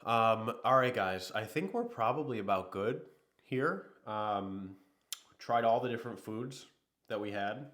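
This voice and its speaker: Slightly unwell, an easygoing livestream host rambles and addresses his chat in casual conversation. He speaks in an unhurried manner, with a lowish voice that has some brightness to it.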